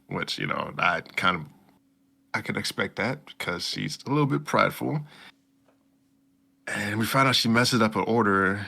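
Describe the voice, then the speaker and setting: A man casually recapping an anime episode as a podcast co-host, slipping into quick mock voices for the characters. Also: sits low, vocal fry, sharp tone. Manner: loose storytelling with slang and quick mock voices.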